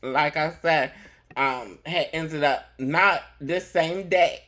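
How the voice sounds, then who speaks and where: Chatty higher-voiced male commentary host. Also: slow, sharp tone. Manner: chatty, addresses viewers directly. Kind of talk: casual commentary show.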